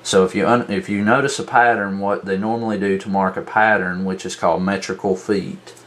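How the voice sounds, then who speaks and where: A man teaching a tutorial at a worksheet, talking slowly and drawing out syllables to show their stress. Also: sits low, level tone, a bit bright. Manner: slow, deliberate, drawn-out syllables. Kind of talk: whiteboard tutorial.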